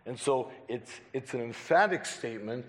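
A man preaching a Sunday sermon, deliberate and emphatic, with rhetorical questions. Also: mid-range voice, expressive. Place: church sanctuary. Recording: long church reverb.

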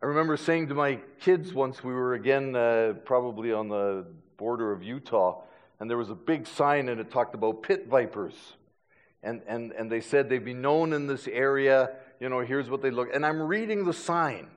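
A man's voice: mid-range voice, normal speed, in a large hall, muffled recording. A middle-aged man preaching a sermon, telling stories with self-deprecating humor and frequent stammered restarts. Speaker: pastor.

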